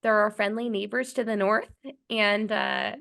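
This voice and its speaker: A woman's voice: medium pitch, fairly even intonation, unhurried, vocal fry, a bit bright. A young adult woman co-hosting a podcast in casual chat, playful and joking, while getting over a cold. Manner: playful, joking, laughs often. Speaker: podcast co-host.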